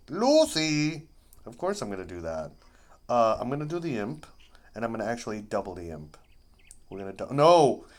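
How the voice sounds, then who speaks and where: A man giving casual, rambling gameplay commentary, playful and talking to himself, sometimes breaking into improvised singing. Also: lowish voice. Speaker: gaming video creator. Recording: loud background noise.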